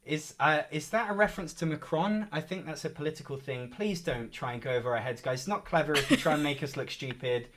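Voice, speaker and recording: A man's voice: on the high side, quick pace, few pauses, a bit bright. A young man co-hosting a live game show stream, joking around and reading viewer comments aloud.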